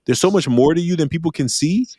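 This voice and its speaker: A middle-aged man hosting an interview podcast, talking in a lively storytelling way. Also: fast, husky, no echo, clean studio sound. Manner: animated storyteller, jumps high when acting out exchanges. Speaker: podcast host. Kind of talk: conversational interview.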